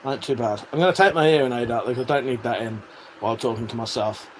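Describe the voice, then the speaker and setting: Reading out viewers' comments on his livestream, a man from the UK talks fast in a mid-range voice. The chat is casual, with plenty of swearing and frequent laughter, over a faint fan hum.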